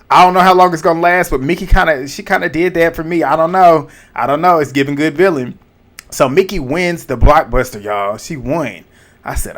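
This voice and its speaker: A man hosting a casual reality TV recap vlog, talking in slang with a lively, profane way of telling the story. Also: mid-range voice, fairly quick. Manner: animated, profane, slangy storytelling with quoted reactions.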